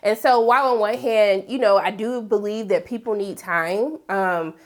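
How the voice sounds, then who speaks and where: A woman talking casually as she recaps a TV episode, animated and sassy, with big incredulous jumps in pitch and asides like "honey.". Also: normal speed. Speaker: TV recap vlogger. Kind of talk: casual chat.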